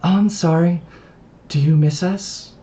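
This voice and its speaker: A man's voice: a little high, steady tone, measured pace, mellow, pitched above the performer's own voice, natural voice. A man voicing a mocking, condescending shapeshifting creature that needles its victim with fake apologies.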